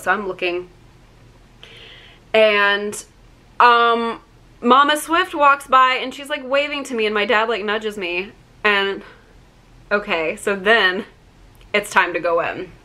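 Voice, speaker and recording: Bright, gushing young woman. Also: medium pitch, unhurried, pauses often. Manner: excited, gushing, heavy use of "like". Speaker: vlogger. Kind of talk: casual storytime.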